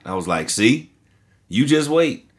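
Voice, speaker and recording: A man's voice: medium pitch, a little slow. A man co-hosting a podcast in casual, profane chat, acting out quotes as he tells stories. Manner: animated storyteller, profane, acts out quotes. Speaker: podcast co-host.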